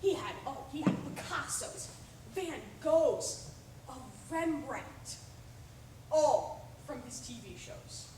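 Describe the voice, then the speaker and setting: A woman on stage playing a pushy, fast-talking male Hollywood agent with brash, wheedling sales patter. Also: sits high, expressive, a little mellow. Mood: smooth-talking. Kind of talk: amateur stage play. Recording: distant echoey stage recording with hiss.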